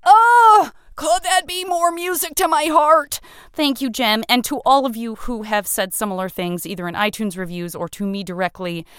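A woman hosts her podcast in a clear, smooth voice of middle pitch, playful and quick to laugh at herself. The sound is dry and close, with no room around it. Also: dry recording. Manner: playful, emotional, self-mocking. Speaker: podcast host. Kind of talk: podcast interview and fundraising message.

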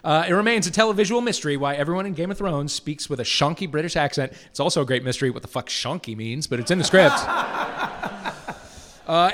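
A man's voice: sits high, a bit bright. A man hosting a live comedy quiz podcast on stage, mocking and playful, with frequent swearing. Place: theatre stage before a live audience. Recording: live show with audience behind.

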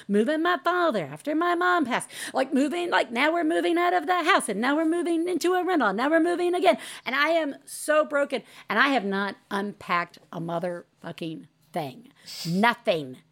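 Candid, animated woman podcast host. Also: on the high side. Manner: candid, swears freely, animated storytelling. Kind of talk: casual chat.

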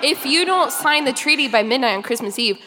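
A woman's voice: high-pitched, brisk. A woman co-hosting a live comedy podcast, recapping movie plot points with sarcasm. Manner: animated, sarcastic storytelling. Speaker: co-host. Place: stage before a live audience. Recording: live stage recording with long hall reverb.

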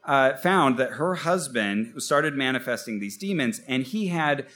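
A man co-hosting a live podcast, telling a story on stage in a wry, animated way with mock quotes. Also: mid-range voice, a little slow. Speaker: podcast co-host. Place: stage before a live audience.

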